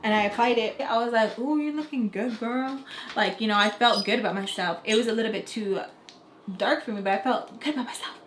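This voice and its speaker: Young woman vlogger, quick chatty storytelling, roomy echo. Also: mid-range voice. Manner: animated, chatty, frequent "like" fillers. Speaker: vlogger telling a personal story. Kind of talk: casual storytime narration. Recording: roomy echo with faint background noise.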